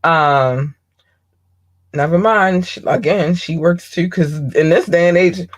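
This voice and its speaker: Speaking casually and bluntly on her podcast, a woman with a fairly low-pitched voice keeps things candid. She swears a lot and regularly pauses on ums.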